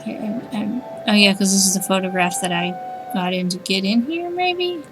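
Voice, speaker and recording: A woman's voice: mid-range voice, moderate pace, over music. A woman streaming a game, chatting wryly, thinking aloud and reading on-screen text. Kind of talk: casual let's-play commentary.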